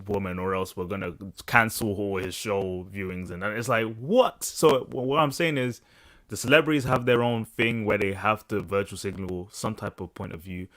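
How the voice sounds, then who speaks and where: UK man hosting a podcast panel, low voice, dry close headset sound, animated with restarts. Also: dry recording. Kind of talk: casual panel discussion. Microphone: headset over video call.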